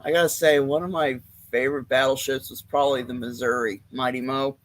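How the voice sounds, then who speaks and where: A man's voice: medium pitch, fairly even intonation, fairly quick, a bit bright, no room sound. A man co-hosting a casual livestream chat, goofy and joking. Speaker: co-host.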